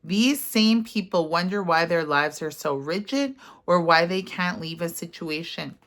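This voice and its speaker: A woman leading a guided affirmation session, reading gently and then talking casually with fillers. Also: fairly low pitch. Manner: gentle and unhurried, slipping into casual fillers when speaking freely. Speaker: self-help guide. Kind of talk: guided affirmation session, partly read aloud.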